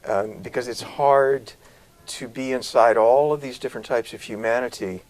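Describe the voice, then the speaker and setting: Animated storytelling actor, a man. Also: medium pitch, normal speed, poor audio. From South Carolina. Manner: animated storyteller, varied delivery. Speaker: actor, guest. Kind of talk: interview conversation.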